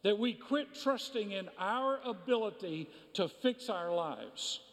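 A man with a notably high voice preaches a sermon, hammering points home through repetition. His words ring out with a long reverb in a church sanctuary. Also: lively intonation, measured pace. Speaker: pastor.

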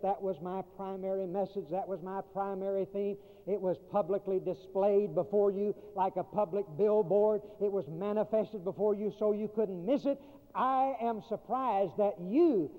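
A preacher with a high voice delivers an emphatic sermon, repeating his key phrases and dropping from loud declarations to quiet asides. The sound is thin and tinny, like a phone line, with a long reverb tail from a large hall.

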